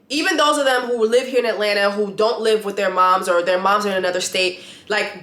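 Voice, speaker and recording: A woman vlogging a blunt, animated rant with free swearing, reviewing a reality show. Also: on the high side, roomy sound. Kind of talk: casual opinionated vlog rant. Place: lives in Atlanta.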